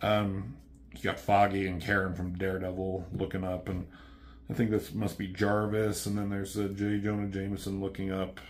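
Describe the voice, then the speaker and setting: A man's voice: low voice, monotone, normal speed, slight background noise. Profane, offhand man recapping a comic. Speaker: comic book reviewer. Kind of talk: casual comic recap with quoted voices.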